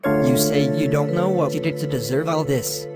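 A man voicing a stern, moralizing father in an animated drama, solemn and lecturing. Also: on the high side, moderate pace, over loud music, lightly acted.

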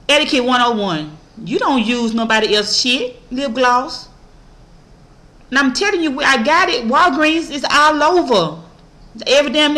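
A mother vlogs to camera about her shopping haul in a high voice, and the recording quality is low. She's blunt and profane, telling her stories with animation and acting out other people's voices.

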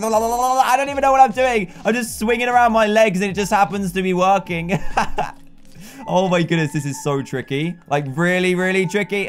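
A man commentating a video game as he plays, excitable and laughing, talking to himself as the game unfolds. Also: high voice. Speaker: gaming YouTuber. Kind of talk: let's play commentary.

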